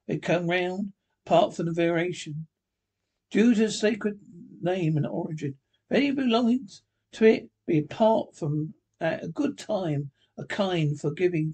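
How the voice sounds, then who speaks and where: A man voicing a cheerful, warm-hearted young man who speaks in a bright, eager, pleading way, with a husky voice. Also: high-pitched, full character voice.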